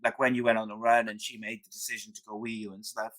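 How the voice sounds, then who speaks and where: A man hosting a podcast, working his way through questions in a hesitant, searching manner and often saying "mate". His voice sits on the lower side. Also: flat delivery, fast, a bit bright, low-quality recording. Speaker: podcast host. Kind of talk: interview questions.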